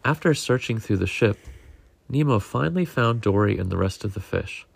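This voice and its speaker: A man reading a picture book aloud to a child at home, in a gentle, unhurried storytelling manner. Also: fairly low pitch, animated, vocal fry, slightly rough.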